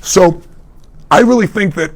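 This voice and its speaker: Gravelly middle-aged guy, life coach doing live q&a, punchy storytelling, slightly high voice. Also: unhurried. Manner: emphatic storytelling, acts out quoted voices. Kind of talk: live Q&A advice talk.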